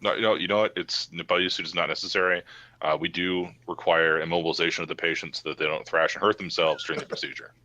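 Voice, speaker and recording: A man's voice: deep voice, little pitch movement, fast, pushed and bright, no room sound, dull audio. A man playing a tabletop role-playing game, chatting casually and playfully with many fillers. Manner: rambling, playful, lots of fillers. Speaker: player.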